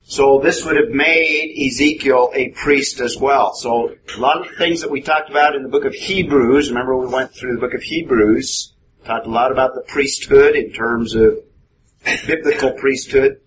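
Male Bible teacher, mid-pitched voice, steady explanatory delivery, noisy classroom tape. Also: moderate pace. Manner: methodical, explanatory, asks the class questions. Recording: noisy room recording.

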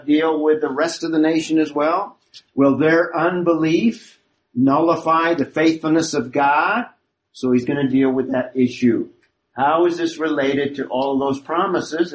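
A man's voice: fairly high pitch, poor audio. A man teaching a Bible study class, explaining a passage and asking rhetorical questions of his listeners.

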